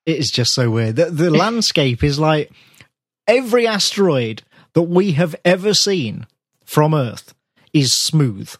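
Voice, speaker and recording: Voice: medium pitch, sing-song, unhurried, no room sound, clean studio sound. A co-host in a casual movie chat who laughs often and nitpicks the science. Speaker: podcast co-host.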